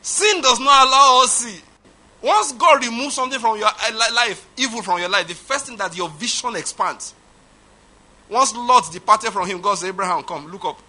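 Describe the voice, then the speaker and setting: A man's voice: very high voice, moderate pace, pushed and bright. A man preaching an emphatic sermon, repeating his points. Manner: emphatic, repetitive, laughs at his own points. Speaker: pastor.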